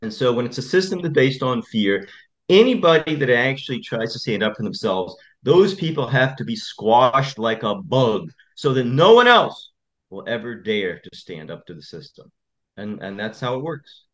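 A man's voice: medium pitch, big pitch swings, normal speed, dull audio. A male attorney speaking as an interview guest, emphatic and repetitive as he tells stories. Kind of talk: interview conversation.

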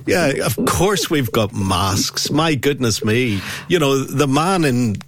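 A man's voice: mid-range voice, lively intonation, slow pace, crowd noise. A man with a County Down accent hosting a casual radio chat, talkative and often repeating a word as he starts. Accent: Northern Irish, County Down. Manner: chatty, repeats words when starting. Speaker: radio host.

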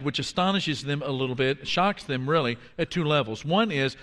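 A man in his fifties preaching a sermon, telling stories in an animated way that drops to a hush for quoted lines. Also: fairly high pitch, normal speed, hardly any pauses, in a large hall. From Washington, D.C. area. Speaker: pastor.

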